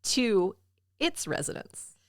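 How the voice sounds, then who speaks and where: A woman's voice: medium pitch, big pitch swings, slow, no echo, clean studio sound. A woman with a Southern accent co-hosting a podcast in casual chat, laughing often and teasing her co-host.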